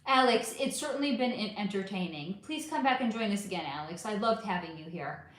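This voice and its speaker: Middle-aged woman, livestream host, lively pitch swings, blunt and sarcastic, roomy echo. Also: brisk. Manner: animated, blunt, sarcastic with commenters. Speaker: livestream host reading chat. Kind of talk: casual livestream chat. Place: home room.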